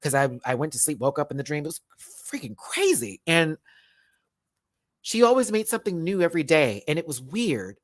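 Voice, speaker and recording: Very animated and a little high-pitched, a young man speaks at normal speed on his own livestream as a YouTuber host. He's near tears and rambling sincerely to his viewers, frequently restarting and repeating words, with no echo.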